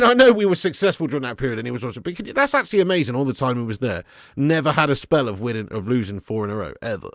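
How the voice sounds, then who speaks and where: Recorded at studio quality with no echo, a man with a mid-range voice hosts a live football watch-along. He chats with viewers, reads their messages aloud and laughs a lot, all while sounding somewhat snotty and unwell.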